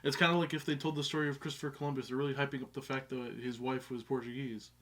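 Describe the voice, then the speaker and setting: A man's voice: mid-range voice, little pitch movement, fast talker, a bit bright. A man co-hosting a music reaction, talking casually and hesitantly, with many fillers. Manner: easygoing, hesitant, lots of fillers and restarts. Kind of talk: casual chat.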